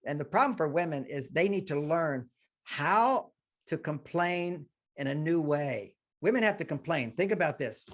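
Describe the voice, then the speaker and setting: Animated older man telling stories. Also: on the high side, normal speed. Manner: animated storyteller, acts out quotes, laughs often. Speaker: guest relationship expert. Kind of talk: radio interview, explaining with stories.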